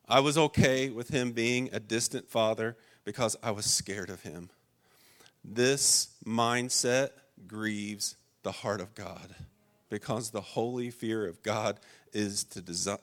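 A man preaching a sermon, telling stories with dramatic swings between loud, urgent lines and hushed, low passages.

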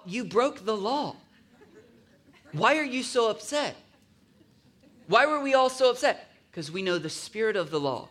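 A man's voice: sits high, lively intonation, normal speed, sharp tone. A man preaching a sermon in a conversational way, often asking his listeners to agree and acting out grumbling voices in asides. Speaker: pastor.

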